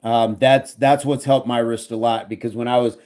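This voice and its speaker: A man's voice: medium pitch, steady tone, moderate pace, darkish tone. Joking man hosting a livestream. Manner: jokey, laughs often, reads chat comments aloud. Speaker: livestream fitness host reading chat. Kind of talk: casual livestream chat.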